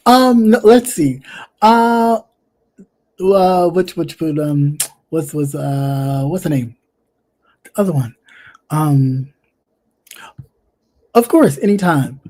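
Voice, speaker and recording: A casual live-stream commentator speaks straight to a viewer in a blunt, sassy manner. The voice is warm and mellow, with phrases repeated for emphasis. Sentences often trail off into quiet fillers. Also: medium pitch, animated, takes it slowly, long pauses. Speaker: livestream commentary host.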